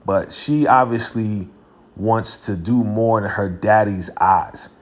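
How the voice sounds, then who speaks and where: A man's voice: fairly low pitch, slow pace. A man hosting his own video, recapping a TV episode in a slangy, casual way and laughing between lines. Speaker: video host reviewing a TV episode.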